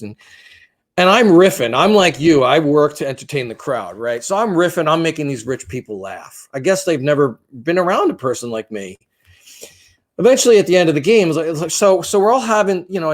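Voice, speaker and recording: A man in his fifties co-hosting a podcast, telling a long story in a rambling, profane, self-deprecating way. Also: on the high side. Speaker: podcast co-host.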